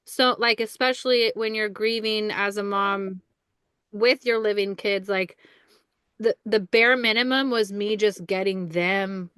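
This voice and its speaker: Earnest woman guest, smooth dry voice. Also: mid-range voice, steady tone, a little slow, fairly bright tone, no echo. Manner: earnest, thoughtful, rambling. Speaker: podcast guest. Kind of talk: casual conversation.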